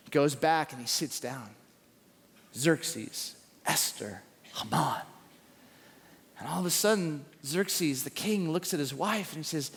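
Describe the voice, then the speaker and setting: High-voiced man pastor, lively storytelling sermon, recorded in a reverberant church auditorium. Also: takes it slowly, gravelly, pauses often, husky. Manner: animated storytelling with acted quotes. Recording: echoey large hall.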